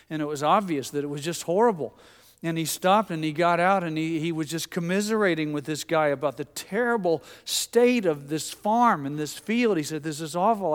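Man, pastor, folksy storytelling sermon, slightly high voice, long church reverb. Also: clear, resonant tone. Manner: folksy, anecdotal, acts out quoted voices.

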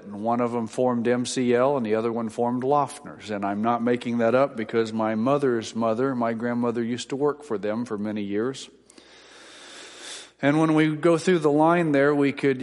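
A middle-aged man preaches in a homey, wry storytelling manner, circling back and restarting as he goes. His voice sits at an ordinary middle pitch. It rings out with a long reverb, as in a church sanctuary. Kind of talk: sermon with personal anecdotes.

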